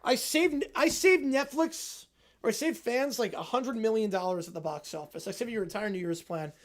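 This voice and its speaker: A man's voice: high voice, normal speed. A man hosting a livestream, chatting loosely, joking, and answering viewers' questions. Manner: rambling, joking, answers chat. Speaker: livestream host. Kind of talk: casual livestream chat.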